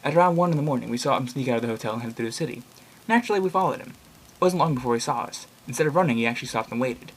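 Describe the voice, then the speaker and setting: A man's voice: medium pitch, racing. Rambling young man reading horror blogs. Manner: rambling, opinionated asides, swears casually. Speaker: reader and commentator of online horror blogs. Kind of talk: casual reading aloud with commentary.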